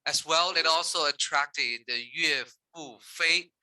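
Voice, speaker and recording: A man's voice: a little high, slow, bright, forceful tone, dry recording. A man moderating a formal event, speaking carefully in English with slight stumbles. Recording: distant mic.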